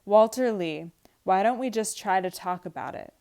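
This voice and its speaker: A woman's voice: mid-range voice, expressive, moderate pace, a little mellow, close to an everyday voice. A woman reading aloud the lines of a weary, patient young wife from a script. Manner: read aloud from a script, lightly acted.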